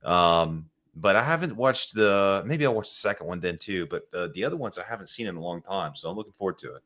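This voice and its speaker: A man's voice: low voice, lively intonation, quick pace, a bit bright. A man co-hosting a casual live stream, laid-back and trailing off with fillers. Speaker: co-host of a movie watch party stream.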